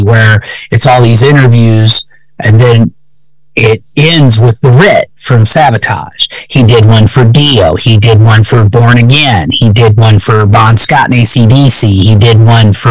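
A man's voice: mid-range voice, no echo, rough recording. A man co-hosting a podcast over a video call, rambling casually with lots of swearing and fillers. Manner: rambling, profane, many fillers. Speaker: podcast co-host. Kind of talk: casual chat.

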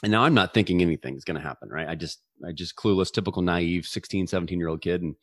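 A man's voice: sits low, fast talker, no room sound, clean studio sound. A man in his forties telling a personal story as an interview guest, earnestly, with frequent restarts and repeated words. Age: 40s.

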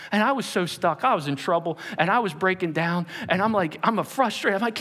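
A pastor in his forties preaches in a high, highly animated voice. He tells jokey stories and acts out quotes, swinging between loud bursts and hushed asides. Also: fast talker, few pauses, slightly rough, long reverb tail. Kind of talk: lively sermon with acted-out quotes.

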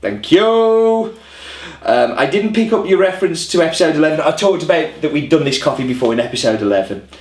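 A man's voice: fairly high pitch, expressive, fast talker, few pauses. A man hosting a coffee vlog in casual chat to camera, rambling and self-deprecating. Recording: roomy echo.

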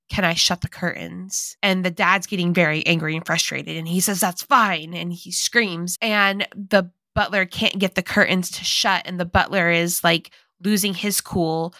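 Bright-voiced woman recapping a movie. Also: on the low side, no echo. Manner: animated retelling, acting out lines of the characters. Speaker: podcast co-host. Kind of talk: casual movie recap chat.

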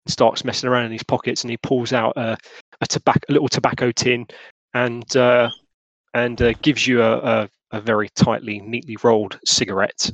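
A man narrates a tabletop game as its game master. He talks in a relaxed, rambling way full of fillers, in a medium voice. The sound is dry and close. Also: mid-range voice, moderate pace, no room sound, poor audio.

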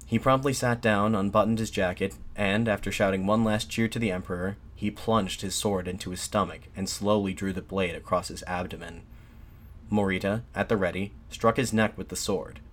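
A man giving a scripted historical narration in a steady, measured reading with occasional restarts. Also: fairly low pitch.

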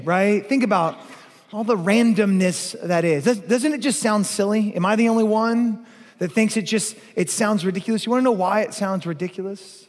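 Male pastor, emphatic sermon delivery with playful asides; higher voice, long hall reverb. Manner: playful, emphatic preaching, slows way down on key lines.

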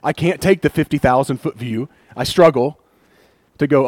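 A man preaching a conversational sermon, animated and acting out people's complaints with laughs. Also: medium pitch, moderate pace, no room sound. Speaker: pastor.

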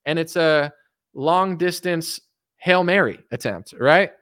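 A man's voice: fairly high pitch, slow pace, a bit bright, dry recording. A young adult man giving a rambling, blunt, unscripted political rant, repeating himself and swearing for emphasis. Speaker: political commentator.

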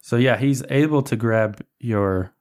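A man's voice: medium pitch, measured pace, darkish tone. A man running a tabletop horror game as game master, narrating with frequent fillers and restarts.

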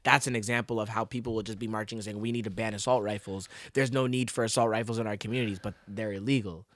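A man's voice: lowish voice, steady tone, fast. A young man in casual podcast chat, rambling with many fillers and acting out the voices he quotes.

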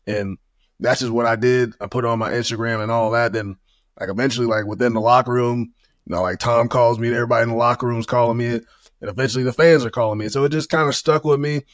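A man's voice: medium pitch, fairly even intonation, fast talker, no echo, studio quality. A man in his thirties, a former pro running back, talking as a guest in a casual interview, humble and easygoing with many "you know" fillers.

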